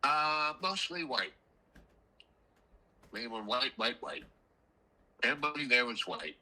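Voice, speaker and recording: A man's voice: medium pitch, slow, rough recording. An older man telling rambling stories about his past in a casual chat, coughing now and then. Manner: rambling, animated, frequent coughs. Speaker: storyteller guest. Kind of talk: casual storytelling.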